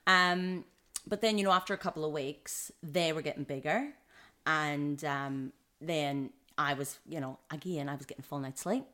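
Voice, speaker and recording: A woman's voice: low-pitched, normal speed, pushed and bright. A woman guest on a podcast, telling her personal story in casual conversation. She is earnest and acts out the voices of other people as she quotes them. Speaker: podcast guest, mother of triplets.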